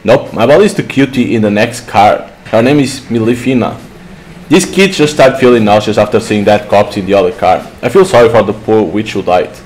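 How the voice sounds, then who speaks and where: A man's voice: fairly low pitch, fairly quick, darkish tone, a little hiss or hum, close to an everyday voice, rough recording. A man reading the lines of a friendly, upbeat young man.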